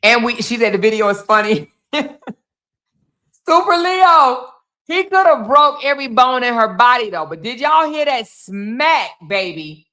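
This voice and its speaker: Chatty woman livestream host, bright voice. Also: fairly high pitch, lively intonation, normal speed, hardly any pauses. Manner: chatty, talks straight to viewers. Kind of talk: live commentary reacting to a video, chatting with viewers.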